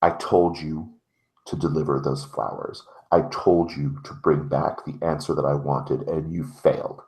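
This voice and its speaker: A man voicing a cold, menacing young villain who speaks slowly and threateningly. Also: a bass voice, level tone, vocal fry, a little mellow, heavily acted, poor audio. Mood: cold menace.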